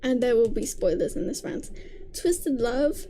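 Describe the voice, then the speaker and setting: A young woman vlogger ranting casually to camera, animated and exasperated, often breaking into laughter. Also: fairly high pitch, measured pace, slight background noise. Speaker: book vlogger.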